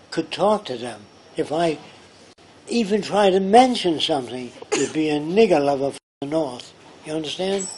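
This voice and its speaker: An older man from the United States tells long, winding stories from his past, stopping to act out what others said. His voice sits a little high for a man. A faint hum of background noise runs under the talk. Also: darkish tone. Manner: rambling, quotes people in his stories. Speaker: speaker. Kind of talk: anecdotal storytelling talk. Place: pub.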